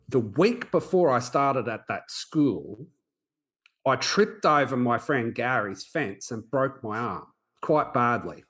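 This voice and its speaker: A man's voice: mid-range voice, fairly bright tone. Earnest man telling a story. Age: 40s. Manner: earnest, halting, with frequent restarts. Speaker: podcast host. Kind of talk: personal storytelling.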